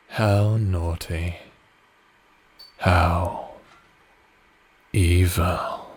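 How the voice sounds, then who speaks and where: This man's deep, exaggerated voice stays fairly even as he plays a doting necromancer husband in a whispered role-play. He laughs and teases affectionately, speaking slowly, softly and breathily with a sly, seductive flirtation.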